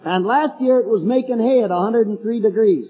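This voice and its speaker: A man's voice: high-pitched, fairly quick, soft background music. An older man preaching a folksy storytelling sermon with chuckling asides, heard through a tinny, echoey hall recording.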